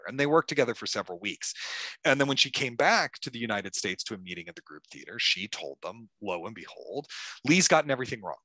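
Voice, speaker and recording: Bright-voiced man telling a story. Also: on the low side, fast, dry recording. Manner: animated storyteller, many fillers and restarts. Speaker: author being interviewed. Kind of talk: conversational interview. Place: stage talk at a club event.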